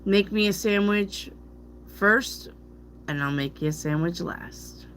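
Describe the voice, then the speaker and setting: A woman's voice: medium pitch, takes it slowly, fairly bright tone, slight background noise. A woman tarot reader chatting casually with her viewers on a stream, bawdy and joking, laughing often. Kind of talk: casual live-stream chat.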